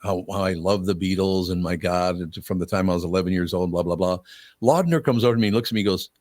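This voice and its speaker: A man's voice: sits low, fast talker, darkish tone, no room sound. An older man hosting a talk show, telling stories in a blunt, easygoing way and laughing often. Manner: storytelling, blunt, laughs easily. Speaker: host. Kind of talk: casual radio talk.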